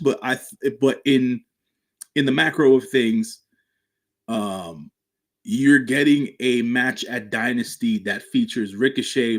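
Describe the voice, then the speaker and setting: A man co-hosting a wrestling podcast, speaking in a measured way that is full of fillers and restarts. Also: mid-range voice. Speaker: podcast co-host. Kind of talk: casual wrestling podcast chat.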